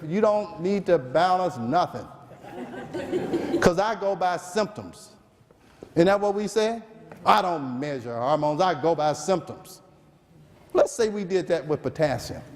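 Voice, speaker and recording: A man's voice: high-pitched, big-room sound, a little hiss or hum. A man from the American South, a physician, giving a medical seminar lecture with jokes, asking the audience questions and answering them himself. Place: seminar room.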